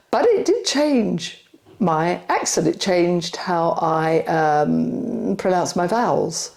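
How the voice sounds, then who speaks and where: Deep-voiced older London woman with rounded vowels. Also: slow pace, darkish tone. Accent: London English softened by elocution lessons. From West London, England. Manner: chatty, laughs easily. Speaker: interviewee. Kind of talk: casual interview talk.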